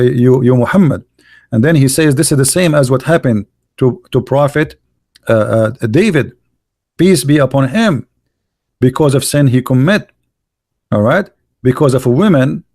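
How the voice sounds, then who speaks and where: A man arguing and mocking as he reads from texts, sharp and combative, stopping often with fillers while he searches. His voice sits at an ordinary male pitch and is recorded close and dry, with no room sound. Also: no echo. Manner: mocking, insulting and argumentative; halting, with many fillers while searching pages. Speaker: religious debate commentator. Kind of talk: combative commentary while reading texts on screen.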